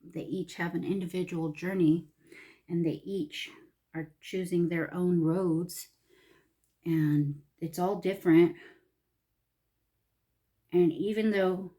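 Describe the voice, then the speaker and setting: A middle-aged woman with a drawl talks in a low, mellow voice. She chats casually and reflectively for her vlog, softly and from the heart, sometimes dropping almost to a whisper. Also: fairly even intonation, slow, pauses often. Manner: soft-spoken and heartfelt, often dropping to a near whisper. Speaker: vlogger.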